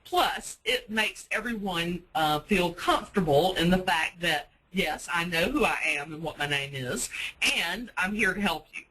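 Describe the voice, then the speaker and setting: A woman's voice: lowish voice, lively intonation, a little slow, pushed and bright, rough recording. A woman giving a sales-training webinar for self-storage managers, speaking in a practical, coaching way with frequent fillers. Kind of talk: webinar presentation.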